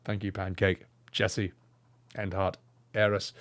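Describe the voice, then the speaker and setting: A man's voice: deep voice, little pitch movement, slow. A young man live-streaming a game, chatting casually with viewers in rambling, swearing rants.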